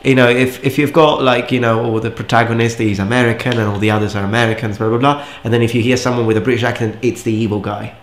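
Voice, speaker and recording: A man's voice: mid-range voice, steady tone, fast, few pauses, reverberant. A man chatting casually while playing a game, explaining things at length and laughing often. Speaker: co-player and commentator. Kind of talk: casual gaming chat.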